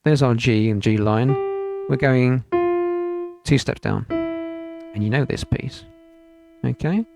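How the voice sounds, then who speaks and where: Speaking slowly with vocal fry and long pauses, a medium-pitched British man leads an online piano lesson in his home studio. He explains things patiently one step at a time and chants rhythm syllables over the piano heard in the background.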